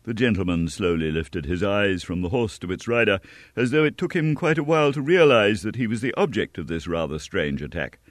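A man narrating a novel in an expressive, measured audiobook reading. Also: lowish voice, no room sound, clean studio sound.

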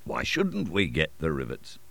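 A man voicing a middle-aged boiler-maker in an audiobook, who bursts out loudly and then drops to a mutter. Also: very deep voice, wildly swooping pitch, a little fast, vocal fry, pitched below the performer's own voice, exaggerated voice. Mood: reasonable.

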